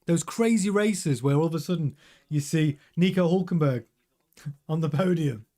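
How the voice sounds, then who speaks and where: A chatty man with a slightly higher-than-usual voice talks casually through a live watch-along stream. He sounds excitable and often turns to answer viewers' messages. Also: normal speed. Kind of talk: casual live race commentary.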